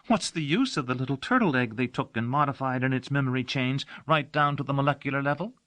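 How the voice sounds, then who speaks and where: A man's voice: mid-range voice, fast talker, bright, forceful tone, dry recording, voice pushed up, natural voice. A man reading an audiobook, voicing a devoted young female servant who talks earnestly and dotingly. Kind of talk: audiobook character voice.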